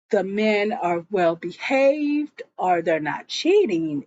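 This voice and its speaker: A woman voicing a resigned, blunt wife who talks about men in a flat, matter-of-fact way, on a dull recording. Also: mid-range voice, no room sound.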